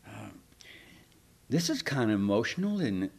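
A man preaching a sermon in a folksy, animated way, with sarcastic asides to the congregation. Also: fairly low pitch, normal speed, vocal fry, slightly rough. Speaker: pastor.

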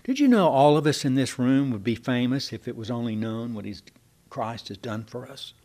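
A man's voice: mid-range voice, animated, moderate pace, a little mellow. Folksy older male preacher. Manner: folksy, digressive, with many restarts and asides. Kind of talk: sermon.

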